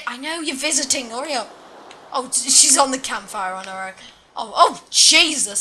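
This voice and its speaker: A woman's voice: a little high, sharp tone, a little hiss or hum. A woman giving casual, chatty let's-play commentary, mocking herself and exclaiming at the game. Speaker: gaming channel host.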